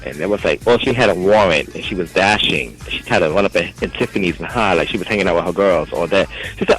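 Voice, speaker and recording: A man telling a story in casual talk, animated, acting out the voices of the people in it. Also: low voice, quick pace, few pauses, breathy edge, faint music behind, rough recording. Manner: animated, acts out quoted voices. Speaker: storyteller guest.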